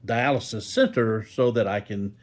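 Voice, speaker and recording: A man's voice: lowish voice, moderate pace. An older man vlogging casually from a hospital room, rambling and folksy with joking asides. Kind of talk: casual talk to camera.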